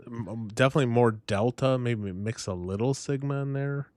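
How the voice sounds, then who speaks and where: A man's voice: mid-range voice, moderate pace, a little mellow, dry recording. A man hosting a casual livestream chat, offhand and laid-back, with some swearing. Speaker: streamer host.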